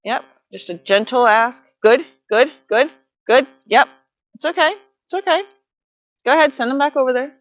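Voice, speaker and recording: A woman horsemanship instructor coaching a student live, giving steady directions and quick repeated praise. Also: a little high.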